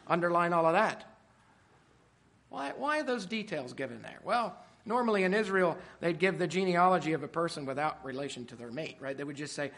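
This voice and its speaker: A middle-aged man preaching a sermon, swinging from quiet asides to loud, emphatic peaks. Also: fairly high pitch, lively intonation, fairly quick.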